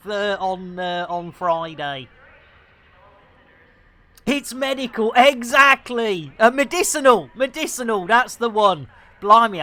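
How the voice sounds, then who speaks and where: A woman's voice: fairly high pitch, fairly bright tone. A woman chatting playfully and giggling with viewers on a live game stream, speaking into a headset.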